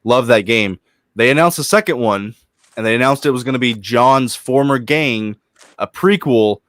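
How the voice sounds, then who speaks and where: A man's voice: medium pitch, normal speed, fairly bright tone, no room sound, studio quality. A man co-hosting a casual gaming stream, swearing freely and retelling story scenes with passion.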